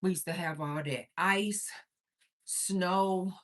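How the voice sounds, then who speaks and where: Livestream host, woman from Missouri, lower pitch with a bright tone, chatty, laughs easily, a touch winded. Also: slow pace. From Missouri, USA. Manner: chatty, reads viewer comments aloud, laughs often, exclaims. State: slightly out of breath from moving. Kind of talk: casual livestream chat.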